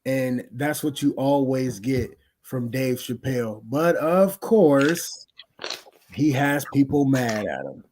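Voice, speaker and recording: A man's voice: medium pitch, animated, slow, darkish tone. Laid-back man telling a story. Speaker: podcast co-host. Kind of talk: casual podcast chat.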